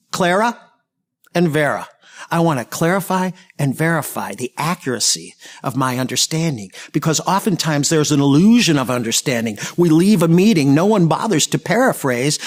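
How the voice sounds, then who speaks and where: Man giving a humorous training talk. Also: a little high. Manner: anecdotal, humorous, lively asides. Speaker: communication trainer.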